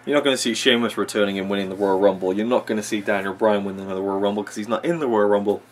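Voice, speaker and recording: A man's voice: fairly low pitch, steady tone, rapid-fire, a little hiss or hum. A man ranting casually about wrestling as he watches a match, opinionated and rambling, with plenty of fillers. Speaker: wrestling vlogger.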